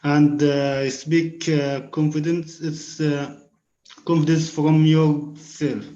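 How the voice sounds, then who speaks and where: A man with an Indonesian accent, a participant, speaking halting English with many fillers. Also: fairly high pitch, little pitch movement, dark tone. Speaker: participant asking a question. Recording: echoey, muffled video-call audio.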